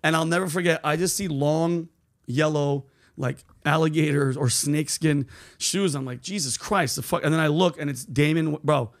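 Brief: male podcast host, loose profane storyteller, a bit high-voiced. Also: normal speed. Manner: profane, animated storyteller, says bro and dude.

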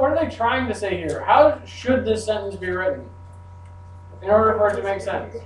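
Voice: mid-range voice, lively intonation, moderate pace. Playful teacher, echoey classroom from afar. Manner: playful, jokey asides. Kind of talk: classroom grammar lesson. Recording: echoey classroom from far off, faint hum.

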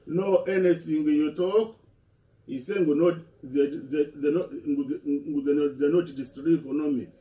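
Man, halting impassioned speech, mellow tone, distant echoey recording. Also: on the high side, steady tone. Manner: halting, repeats words and restarts.

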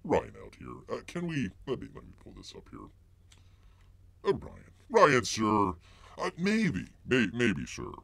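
A man hosting a rambling live-stream commentary, his pitch leaping and dropping all over the place. He mocks his targets, stumbles through constant filler words and refers to himself in the third person. The sound is close and dry. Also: wildly swooping pitch, a little slow, vocal fry, a bit bright, dry recording. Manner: heavy filler words and restarts.

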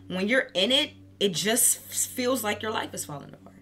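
Bright-voiced woman reading tarot casually. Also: medium pitch, lively intonation, normal speed, faint music behind. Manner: candid and profane, laughs often. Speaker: tarot reader.

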